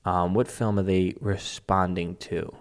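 A man's voice: low-pitched, little pitch movement, a little slow. A man talking as a political commentator in casual, rambling commentary, sarcastic and mocking, with many fillers like "um" and "like". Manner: sarcastic and mocking, sometimes laughing. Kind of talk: casual commentary reading out online posts.

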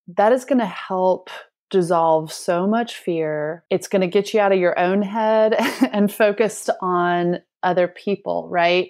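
A woman business coach talking as a guest in an interview. She tells stories with energy, acts out what other people said, and laughs often. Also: fairly low pitch. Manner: animated storyteller, acts out quotes, laughs often. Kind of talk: casual interview conversation.

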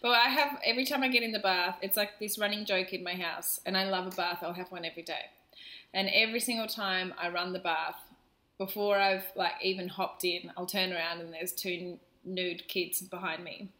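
Bright, playful woman in her thirties. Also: on the low side, fairly even intonation, fairly quick, reverberant. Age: 30s. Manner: playful, laughs often, teasing. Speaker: podcast co-host. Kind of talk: casual chat.

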